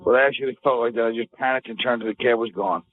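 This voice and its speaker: A male comedian trading sarcastic, deadpan jabs in casual radio banter. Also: medium pitch, very fast. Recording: tinny phone-like radio audio.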